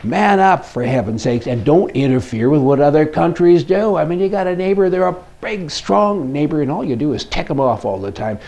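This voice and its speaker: A man's voice: a little high, fairly quick, vocal fry, hardly any pauses, dark tone. An older man hosting casual political commentary in a folksy, blunt and sarcastic way. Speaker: commentary host.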